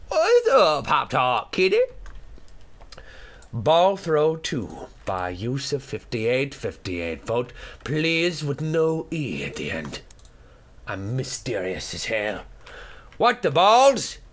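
A young man doing excitable, joking let's play commentary, often shouting and yelping. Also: medium pitch, slow pace. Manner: excitable, shouts and yelps, jokey. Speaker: gaming commentator.

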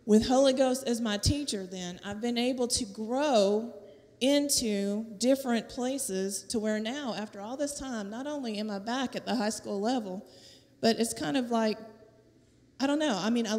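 A middle-aged teacher with a Southern US accent recounts her testimony at church in a slightly high voice and at a moderate pace. She laughs often and acts out others' words, and the sanctuary gives the recording a hall-like echo.

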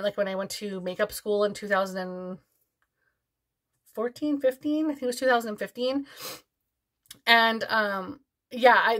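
Woman, beauty vlogger, slightly high voice, gushing, bubbly, chatty, casual haul talk. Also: a bit bright. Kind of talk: casual chat unboxing a haul.

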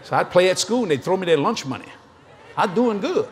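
High-voiced folksy Louisiana preacher. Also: male voice, animated, fairly quick, a little hiss or hum. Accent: Louisiana Cajun. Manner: folksy, joking, laughs often. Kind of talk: sermon storytelling.

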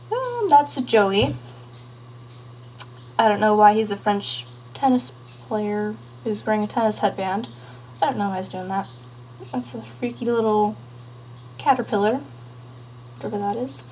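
A woman's voice: fairly high pitch, animated, measured pace, pauses often, darkish tone, a little hiss or hum. A teenage girl chatting casually in a vlog, rambling and playful with lots of asides. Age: teens. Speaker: vlogger.

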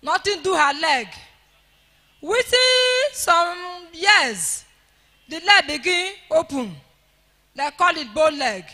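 A woman's voice: very high voice, lively intonation, slow, long pauses. Nigerian woman giving an echoey church testimony. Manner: emotional, rising to shouts of praise.

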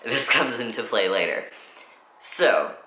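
A man's voice: medium pitch, expressive, slow, background noise. A teenage young man telling a story in a casual vlog, rambling, swearing often and filling with likes. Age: teens. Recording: roomy echo.

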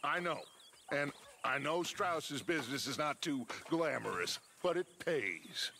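A smooth-talking outlaw gang leader in a video game, coaxing and fatherly. His bright-edged voice sits at an ordinary pitch. He takes his time, with faint noise under him. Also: expressive, a little slow, exaggerated voice. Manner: coaxing, paternal. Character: smooth persuasive middle-aged male outlaw gang leader.

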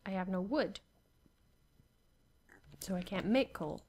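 Speaking slowly in a medium-pitched, slightly mellow voice, a young woman narrates her own Minecraft survival session. She often laughs and grumbles when things frustrate her.

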